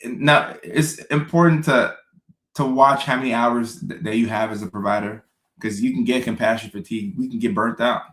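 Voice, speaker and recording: A man's voice: medium pitch, fairly even intonation, moderate pace, a bit bright, echoey room. A man, a psychiatrist hosting a live stream, casually answering chat comments and often repeating his phrases for emphasis.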